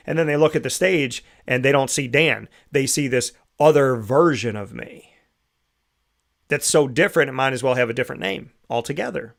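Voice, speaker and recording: A man's voice: fairly high pitch, brisk, creaky. A man hosting a show, giving a reflective motivational monologue full of rhetorical questions. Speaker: show host.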